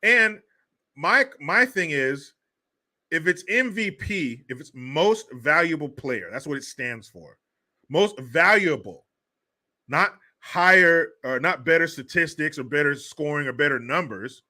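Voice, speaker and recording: A man's voice: a little high, lively intonation, unhurried, pushed and bright. A man hosting a livestream, ranting in profane, mocking commentary. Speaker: livestream host.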